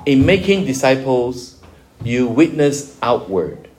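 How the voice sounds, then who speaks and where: A man's voice: medium pitch, animated, slow pace, darkish tone, a little hiss or hum. A man preaching a sermon, explaining scripture with everyday examples and lifting his voice for emphasis. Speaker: pastor.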